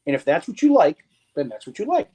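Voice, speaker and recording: Middle-aged guy explaining cigar stuff, lively, kind of high-pitched, acts out quotes as he goes. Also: quick pace, slightly rough. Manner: animated, teaching tone, acts out quotes. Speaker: guest, cigar blender. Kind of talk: casual explanatory chat.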